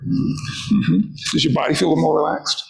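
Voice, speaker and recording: Gravelly man leading a wellness workshop. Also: fairly high pitch, normal speed, rough recording. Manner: calm, inviting, coaching listeners through exercises. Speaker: wellness presenter. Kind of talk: guided workshop presentation.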